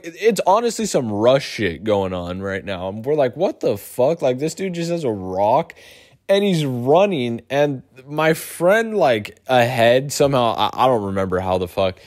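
A young man telling a profane, animated storytime for his YouTube channel. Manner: profane, animated storytelling with big pitch swings. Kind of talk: storytime vlog.

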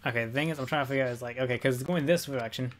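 Brief: casual male streamer, mid pitch, chatty, swears, faint game music behind. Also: very fast. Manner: excitable, repeats phrases, swears freely. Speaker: gaming streamer. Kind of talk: casual gameplay commentary.

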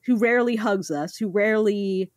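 A woman talking through a story in easy, earnest podcast chat, her voice close and dry with no room sound. She sits at a middle pitch and slips into little acted quotes as she goes. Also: moderate pace, no echo. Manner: earnest, animated, acts out quotes. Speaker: manga podcast co-host. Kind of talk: casual chat.

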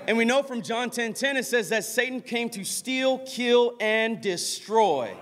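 A man preaching a midweek sermon, telling stories in an animated way and breaking into shouts. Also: high voice, normal speed, hardly any pauses. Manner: animated storytelling, bursts into shouts. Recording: reverberant hall.

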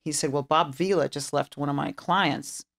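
This woman's voice is low and gravelly, moving at normal speed. She is a middle-aged interior designer in a storytelling interview, performing the quoted dialogue with lively animation.

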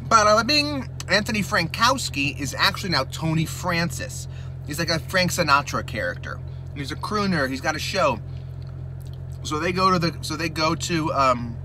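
A man rambling through a movie recap while his mouth burns from spicy chips, slipping into excited impressions. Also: a little high, background noise. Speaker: mukbang host.

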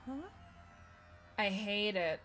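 A woman streaming a game, reading it aloud and joking, animated and swearing at times. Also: mid-range voice, extremely slow, soft background music. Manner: animated, jokey, swears and laughs often. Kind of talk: live game playthrough with voice acting.

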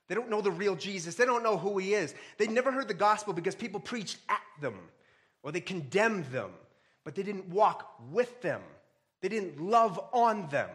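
A man preaching a sermon, reading scripture aloud and breaking into casual jokes and sudden loud, rising exhortations. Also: on the high side. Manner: reads scripture aloud between asides. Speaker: pastor.

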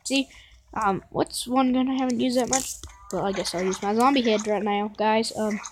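A woman giving rambling, excitable gameplay commentary and chatting to her viewers. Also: fairly high pitch, moderate pace, faint music behind. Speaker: gaming vlogger.

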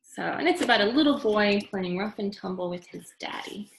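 A woman leading a children's storytime with songs and baby signs, talking in a slow, sing-song, encouraging way. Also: mid-range voice, animated, creaky, echoey room, low-quality recording.

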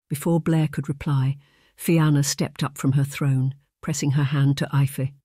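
An audiobook narrator reading a historical romance in a measured, even manner. The sound is dry and close, with a middling pitch. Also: dry recording.

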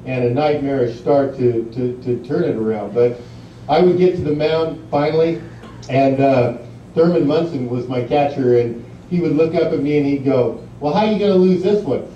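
Speaking at normal speed in a steady, mellow, medium-pitched voice, this middle-aged guest speaker at an induction ceremony wanders through anecdotes with lots of fillers, chuckling at his own tales. Captured in a large banquet hall, the audio sounds distant, muffled and echoey, with a little hiss or hum.

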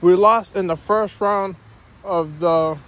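The voice is a man's, high-pitched and fairly bright, moving at a slow pace. As a vlogger on a casual outdoor walk through his neighborhood, he rants, repeats himself, and calls out "guys" constantly.

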